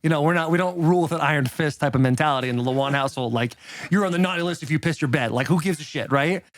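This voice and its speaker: A man in his thirties co-hosting a podcast, telling a story in a casual, animated way, swearing freely and acting out the quotes. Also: a little high, racing, dry recording. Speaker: podcast co-host.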